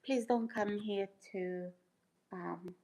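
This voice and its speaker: A woman's voice: medium pitch, slow, warm tone, low-quality recording. A woman hosting her own livestream, speaking casually and emphatically to her chat, repeating phrases and asking rhetorical questions. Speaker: YouTuber livestream host.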